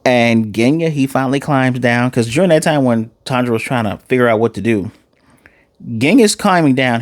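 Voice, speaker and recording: A man giving a casual, animated recap and reaction to an anime episode, acting out the characters' lines in quick asides. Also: medium pitch, dry recording, clean studio sound. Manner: loose and chatty, with fillers and self-corrections. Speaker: anime reviewer.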